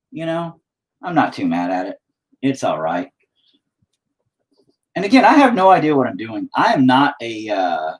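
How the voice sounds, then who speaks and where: Profane self-mocking man, lively pitch. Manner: thinks aloud, rambling. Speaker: painting vlogger. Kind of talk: casual self-talk while painting.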